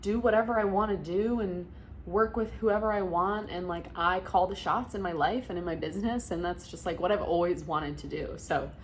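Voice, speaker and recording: A young woman vlogging to camera, reflecting emotionally on her business and often pausing to restart her sentences. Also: fairly low pitch, a little hiss or hum. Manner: emotional, laughing through tears, many likes and restarts. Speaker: vlogger and virtual assistant business coach. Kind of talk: casual reflective talk to camera.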